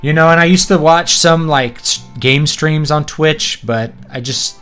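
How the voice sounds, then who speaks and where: A man's voice: on the high side, unhurried, fairly bright tone, clear, resonant tone, faint music behind. A man from East Texas chatting casually while playing a video game, rambling from topic to topic and laughing often. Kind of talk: casual gameplay commentary.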